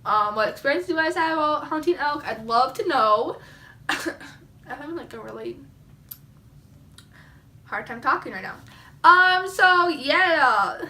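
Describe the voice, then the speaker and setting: A woman's voice: high voice, lively intonation, normal speed, long pauses, pushed and bright. A teenage girl telling a story in a casual vlog, rambling and giggly with lots of fillers. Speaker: vlogger.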